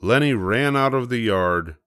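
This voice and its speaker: An older man reading a children's storybook aloud, slow and gentle. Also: mid-range voice, expressive, clear, resonant tone, no echo, clean studio sound. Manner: slow, gentle, measured narration. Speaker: storybook reader. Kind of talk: bedtime story read-aloud.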